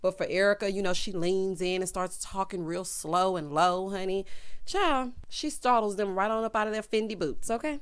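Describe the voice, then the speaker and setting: A sassy woman delivers a sharp-tongued recap, talking straight into a close mic. She leans into sarcasm and drawn-out asides, then pops into mocking impressions of the people she is roasting. Her pitch sits in an ordinary middle range for a woman. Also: clear, resonant tone. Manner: sassy, sarcastic, mimics cast members in exaggerated voices. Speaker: reality TV recap vlogger. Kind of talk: casual commentary recap.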